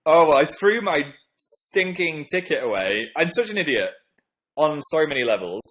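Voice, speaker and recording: A man's voice: on the high side, big pitch swings, moderate pace, a bit bright, poor audio. Young guy w/ a rambling through chat comments on a stream, goofy and self-mocking. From northern England. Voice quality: playful, self-deprecating, rambling. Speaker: livestream host. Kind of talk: casual livestream chat, reading viewer comments.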